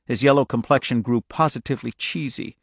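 Man narrating an audiobook, steady and dry. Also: mid-range voice, vocal fry, no room sound. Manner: steady, measured storytelling. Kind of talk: scripted narration.

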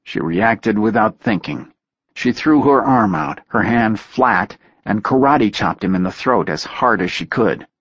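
A man reading a story aloud in a steady, measured narration. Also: lowish voice, breathy edge, dry recording, muffled recording. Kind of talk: audiobook narration.

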